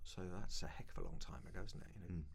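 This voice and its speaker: A man's voice: deep voice, huge pitch swings, very fast, gravelly, slightly rough. A man in his fifties from London, a broadcaster telling self-deprecating, humorous anecdotes in an interview. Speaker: guest, broadcaster and keynote speaker. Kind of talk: casual interview chat.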